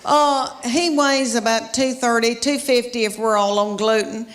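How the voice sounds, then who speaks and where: A woman's voice: on the high side, steady tone, unhurried, background noise. A middle-aged woman, telling chatty, folksy stories in a stand-up comedy routine. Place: comedy stage before a live audience.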